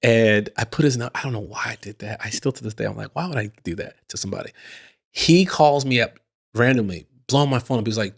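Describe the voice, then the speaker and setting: A man's voice: medium pitch, quick pace, breathy edge. A man co-hosting a podcast, telling stories in a loose, laughing way with frequent restarts. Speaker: podcast co-host. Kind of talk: casual chat.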